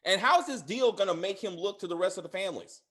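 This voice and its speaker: Chatty man with a lively voice. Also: quick pace, slightly rough. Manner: rambling, many fillers and restarts; laughs loudly and high. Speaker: podcast host reviewing a TV series. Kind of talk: casual chat.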